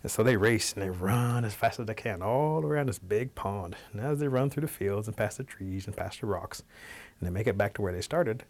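A man's voice: fairly low pitch, animated, a little fast, darkish tone. A man telling a traditional animal story in a plain narrative way. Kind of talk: oral storytelling.

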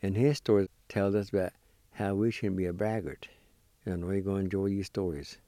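A man introducing storytellers in a calm, measured way. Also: sits low, no room sound, clean studio sound.

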